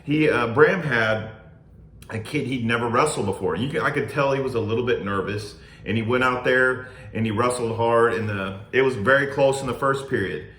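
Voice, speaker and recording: A man in his thirties co-hosting a family podcast and coaching youth wrestling, telling stories in a steady, earnest way. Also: medium pitch, moderate pace, roomy sound. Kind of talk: casual chat.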